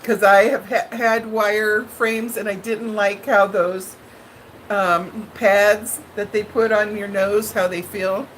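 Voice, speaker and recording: A woman hosting a live stream, telling viewers a story in a dramatic, animated way and laughing often. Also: medium pitch, slow pace, a little hiss or hum, rough recording.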